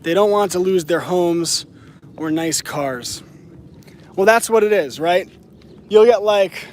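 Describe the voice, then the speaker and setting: A high-voiced man delivers a preachy vlog monologue outdoors as he walks his dog. He repeats himself often and keeps checking in with "right?". The sound is a casual phone recording out on the street. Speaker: channel host. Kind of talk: casual talk to camera while walking the dog.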